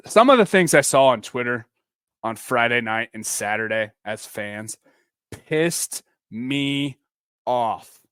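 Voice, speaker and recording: A man's voice: mid-range voice, expressive, takes it slowly, a bit bright, clear, resonant tone, dry recording, studio quality. A man in his twenties hosting a solo sports podcast, venting with frustration and emphatic bursts. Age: 20s. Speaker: podcast host and football coach.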